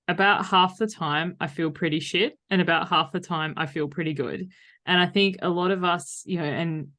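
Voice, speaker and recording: A lowish-voiced woman chats on a podcast. She talks in a lively, animated way and slips into playful quoted voices to make her point. Relaxed, conversational delivery. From Australia. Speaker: podcast co-host. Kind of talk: casual podcast chat.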